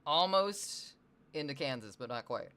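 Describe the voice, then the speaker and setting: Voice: medium pitch, lively intonation, unhurried, sharp tone, smooth. A livestreamer from the US Northwest who chats casually with viewers, reads chat messages aloud, rambles and swears now and then.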